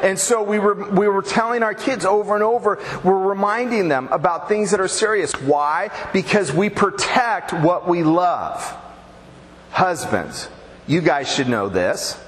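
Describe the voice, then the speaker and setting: A man's voice: high-pitched, animated, measured pace, fairly bright tone. A man preaching a sermon to his congregation in a conversational, joking way. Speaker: pastor. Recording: reverberant hall, faint background noise.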